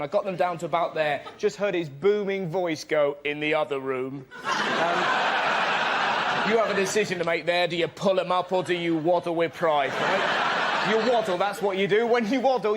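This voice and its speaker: A high-voiced man delivers a quick stand-up routine, jumping between voices to act out the people in his jokes. Loud noise sits under the TV studio audio. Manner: quick, animated, mimics people in silly voices. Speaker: stand-up comedian. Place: TV studio with live audience.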